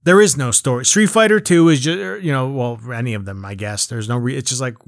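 A man's voice: medium pitch, a little fast, hardly any pauses, no echo, clean studio sound. A man ranting casually about video games, rambling and swearing with lots of fillers. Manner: rambling, profane, frequent fillers and restarts. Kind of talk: casual rant.

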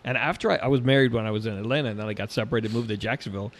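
A middle-aged man co-hosting a casual chat, animated and quick to jump into high-pitched impressions when quoting people.

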